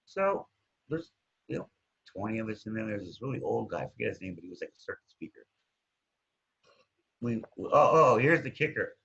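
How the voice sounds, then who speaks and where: A man with a husky voice casually telling his recovery story, rambling and looping back with "anyways", on a dull lo-fi recording. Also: on the low side, expressive, normal speed, long pauses, a bit bright. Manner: rambling, keeps saying anyways.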